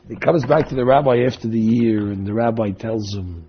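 A man preaching through an animated, dramatic parable in a raspy voice. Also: lowish voice, normal speed, few pauses, muffled recording. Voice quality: raspy, gravelly. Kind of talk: storytelling sermon.

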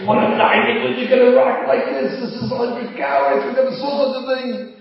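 A man voicing a poor man's frantic, scolding wife in a shrill, exasperated voice that climbs into shouts. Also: steady tone, fairly quick, gravelly. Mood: ecstatic. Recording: echoey hall, voice from far off, dull.

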